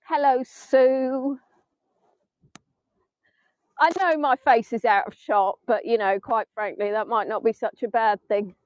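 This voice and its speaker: A middle-aged woman with a high, bright voice, rambling cheerfully to her online viewers. She hosts a live tour outdoors in the dunes. The sound is dull and close, like a phone stream. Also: a little slow, pauses often, dry recording. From England. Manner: chatty, self-mocking, breaks into snatches of song. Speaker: virtual tour guide. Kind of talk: casual live-stream chat. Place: outdoors in sand dunes by the sea.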